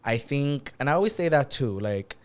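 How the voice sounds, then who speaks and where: Lively young man retelling family drama. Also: medium pitch, moderate pace, clean tone. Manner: animated retelling, acts out quotes, swears, mixes in Spanish slang. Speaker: podcast co-host. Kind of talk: casual chat.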